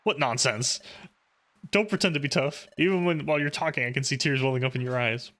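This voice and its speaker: A man's voice: medium pitch, fairly quick, a bit bright, lightly acted. A man voicing a boastful young male explorer in a game, stammering as he denies being scared. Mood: flustered denial. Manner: stammering bravado.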